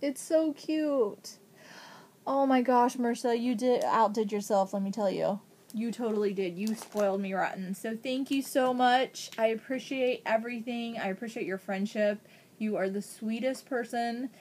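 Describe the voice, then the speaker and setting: A woman from Ohio in a casual unboxing vlog, gushing with excitement, gasping and thanking a friend over each gift. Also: a little high, normal speed, a little hiss or hum. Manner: gushing, excited, frequent gasps. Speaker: vlogger.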